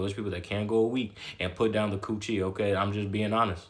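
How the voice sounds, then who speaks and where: A man's voice: lowish voice, steady tone, racing, hardly any pauses. A man giving a blunt, slangy motivational talk, repeating himself and tagging lines with "okay?". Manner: repetitive, emphatic, keeps adding "okay?". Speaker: motivational talker. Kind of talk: casual motivational monologue.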